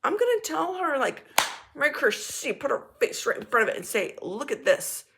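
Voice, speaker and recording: A woman vlogger telling a casual story in a frank, animated and blunt way, now and then swearing. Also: high-pitched, normal speed, gravelly, noisy background.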